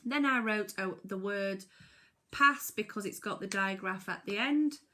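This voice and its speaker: A woman teaching a phonics lesson to young children, sounding out words slowly and emphatically. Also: mid-range voice, pushed and bright. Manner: slow, sing-song, emphatic sounding out of words. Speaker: primary school teacher. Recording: echoey room.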